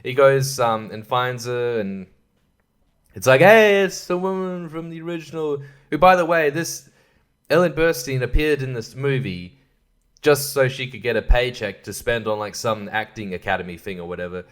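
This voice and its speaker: A man's voice: mid-range voice, normal speed. A young man talks loosely through a film review, rambling and sarcastic. He laughs often and slips into mocking voices to make fun of what he describes. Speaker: podcast host reviewing films. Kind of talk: casual film review monologue.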